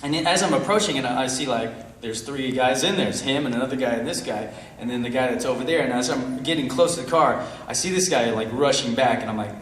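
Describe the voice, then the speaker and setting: A man's voice: medium pitch, fast, few pauses, a little hiss or hum. A man in his thirties telling a funny story to a live audience, laughing often and acting out the voices in it. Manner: animated, laughing, acts out voices. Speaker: convention panel guest. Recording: roomy hall, mic from far off.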